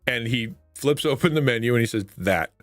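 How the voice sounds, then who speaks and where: A man's voice: mid-range voice, lively intonation, a little fast, dry recording, soft background music. A man hosting a live stream, chatting casually with viewers and retelling funny stories, laughing often, with a stuffy nose. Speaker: livestream host.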